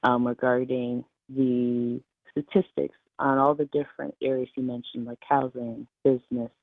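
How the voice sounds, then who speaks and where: Gravelly man, political guest, tinny line, dry. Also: mid-range voice, level tone, normal speed, no room sound. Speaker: state representative, studio guest. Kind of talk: talk radio interview.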